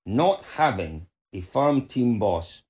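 A man's voice: fairly low pitch, very animated, slow pace, darkish tone. A man talking as a rally pundit in a casual panel chat, self-mocking and grumbling.

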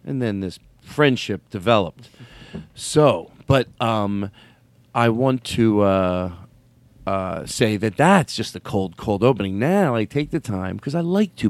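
Animated man hosting a studio podcast. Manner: rambling, animated, laughs and yelps high when joking. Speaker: podcast host. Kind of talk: casual comedy podcast banter.

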